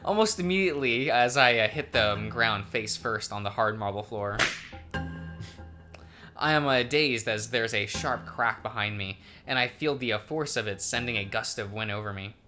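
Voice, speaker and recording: A man's voice: medium pitch, normal speed, bright, forceful tone, soft background music. A man hosting a let's play, reading a visual novel aloud in a hesitant way with many ums and uhs.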